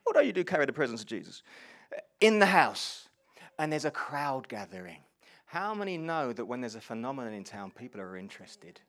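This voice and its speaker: A man's voice: medium pitch, moderate pace. A man preaching a sermon and asking the congregation questions. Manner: animated, asks the congregation questions.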